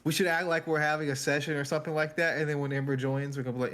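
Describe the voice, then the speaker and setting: A man's voice: a little high, flat delivery, very fast, a bit bright. Casual male game master. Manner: casual, meandering narration. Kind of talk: narrating a tabletop game.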